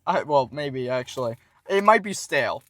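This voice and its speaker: A man's voice: medium pitch, expressive, normal speed, a crowd in the background. A man hosting a casual food review from inside a car, rambling and self-assured with a jokey streak.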